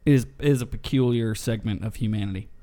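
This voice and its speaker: A man's voice: on the low side, quick pace, dark tone. A man from the West Coast hosting a casual, profane chat, laughing often. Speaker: podcast host.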